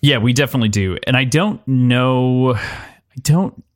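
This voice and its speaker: Male co-host, relaxed book chat, probing questions, mid-pitched voice. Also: moderate pace. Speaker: podcast co-host. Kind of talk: casual book discussion chat.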